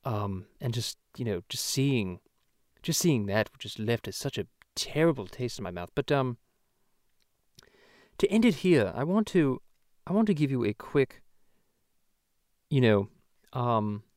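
A man's voice: mid-range voice, expressive, a little slow, darkish tone, no room sound, clean studio sound, lightly acted. A man voicing a foul-mouthed cartoon baby, ranting profanely and rambling in a comedic podcast. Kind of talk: comedic podcast rant in character.

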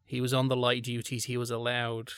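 A man's voice: mid-range voice, completely flat delivery, brisk, a bit bright, clear, resonant tone, dry recording, clean studio sound. A man co-hosting a podcast, talking in a thoughtful, discursive way that drifts from point to point. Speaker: podcast co-host.

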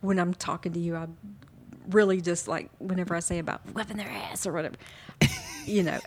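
A woman's voice: fairly low pitch, steady tone, a little fast, slight background noise. A middle-aged woman, the host's mother, chatting casually at home with a joking manner, laughing easily. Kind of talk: casual chat.

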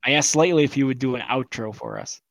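A man's voice: medium pitch, wildly swooping pitch, fast, gravelly. A man co-hosting a podcast, chatting casually in a blunt, heavily profane way. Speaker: podcast co-host. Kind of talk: casual chat.

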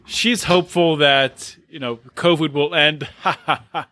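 A man's voice: a little high, fairly even intonation, a little slow, sharp tone. A young man co-hosting a podcast, chatty and wry, teasing the others. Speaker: podcast co-host. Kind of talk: casual chat.

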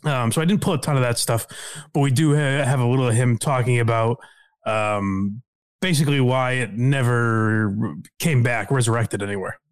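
A man's voice: mid-range voice, moderate pace, clear, resonant tone, dry recording, clean studio sound. A man hosting a podcast in casual chat, rambling with fillers and laughing often. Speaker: podcast host.

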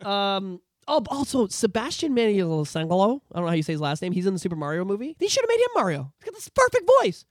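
Fast, lively, profane podcast ranter. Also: mid-range voice, no echo, clean studio sound. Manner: profane, animated ranting. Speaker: podcast co-host. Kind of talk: casual ranting podcast chat. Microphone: podcast microphone.

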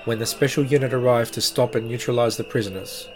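A man hosting a podcast, narrating true creepy stories in a measured, dramatic way with slow pauses. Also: medium pitch, fairly even intonation, soft background music. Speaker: podcast host.

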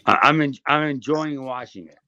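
A man's voice: medium pitch, moderate pace, pushed and bright, dull audio. A man co-hosting a podcast in casual chat, telling a rambling story full of restarts and swearing. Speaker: podcast co-host.

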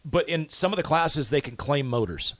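A man's voice: fairly high pitch, animated, normal speed, dry recording. Upbeat male radio host. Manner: upbeat, reads listener texts. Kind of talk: casual radio chat. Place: radio studio.

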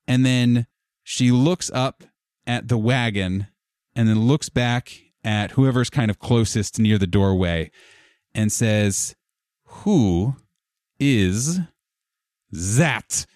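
A man's voice: medium pitch, slow, smooth, no echo, clean studio sound. Laid-back man narrating as game master. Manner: relaxed, descriptive, with fillers.

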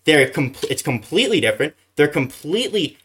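A man's voice: fairly high pitch, very animated, brisk, a bit bright, breathy edge. A man ranting casually after a hockey game, exasperated, with many fillers and restarts. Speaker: hockey streamer. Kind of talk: casual post-game rant.

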